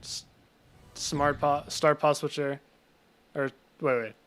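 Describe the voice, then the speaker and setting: Young man streaming a game, bright and slightly high voice, rambling chatty commentary, faint music underneath. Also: little pitch movement, slow pace, a little hiss or hum. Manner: chatty, self-interrupting, reacts to chat. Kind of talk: casual live-stream commentary while gaming.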